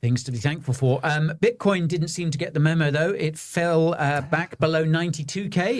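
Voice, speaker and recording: A man co-hosting a casual crypto market chat, relaxed and talkative with plenty of fillers. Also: fairly high pitch, moderate pace, few pauses, no echo, clean studio sound. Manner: relaxed, chatty, many fillers. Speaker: crypto show co-host.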